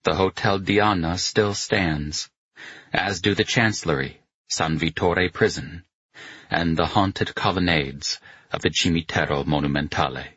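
A male audiobook narrator reads in a measured, grave way. His voice is very deep and husky. The recording is dry and somewhat muffled. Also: a bit bright, no echo. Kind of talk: scripted narration.

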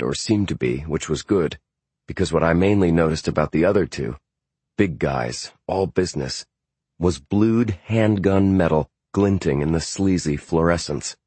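Deep husky male audiobook narrator. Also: a little mellow, dry recording. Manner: measured, first-person storytelling. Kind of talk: scripted narration.

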